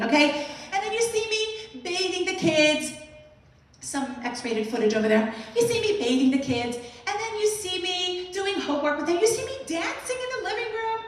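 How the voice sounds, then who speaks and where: A Brooklyn-born inspirational speaker with a high voice gives an animated motivational talk in a large museum event hall. She tells stories, acts out her own reactions and asks the audience questions. The echoey recording captures her voice from far off.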